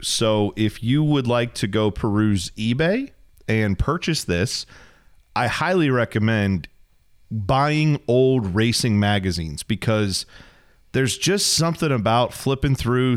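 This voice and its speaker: A man in his thirties hosting a casual podcast from a basement, chatty and joking. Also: mid-range voice. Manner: chatty, joking, quick asides. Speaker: podcast host.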